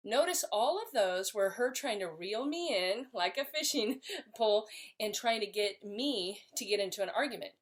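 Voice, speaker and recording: A woman's voice: medium pitch, moderate pace. A middle-aged woman giving a parenting lesson, speaking in an empathetic way and acting out short example phrases. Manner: warm, empathetic, acts out short example lines. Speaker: parenting educator. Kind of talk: instructional talk to parents.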